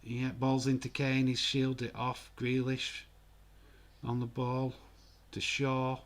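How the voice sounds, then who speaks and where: A man giving casual, excitable live football commentary and reading out viewer comments. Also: medium pitch, takes it slowly. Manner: chatty, excitable, reads viewer comments aloud. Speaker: host of a live football watch-along.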